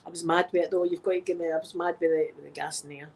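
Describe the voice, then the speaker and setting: A woman's voice: on the low side, steady tone, racing, gravelly, a little mellow. A middle-aged Scottish woman with a sore throat, chatting casually to her viewers and laughing often as she tells stories. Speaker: YouTube vlogger. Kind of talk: rambling casual chat to viewers.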